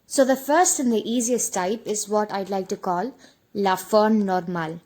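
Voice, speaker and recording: A woman's voice: medium pitch, a little mellow. A woman teaching beginner French on her channel, speaking in a mid-range voice. She walks through each rule patiently, repeating the example sentences so viewers can follow along. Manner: explanatory, repeats examples slowly. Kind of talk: online language lesson.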